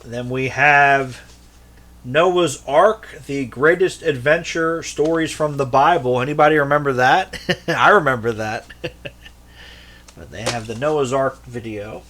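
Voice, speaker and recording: This VHS collector vlogger takes his time, his medium-pitched voice fairly bright as he casually walks through his tapes. The show-and-tell is loose and jokey, full of rambling asides and plenty of profanity.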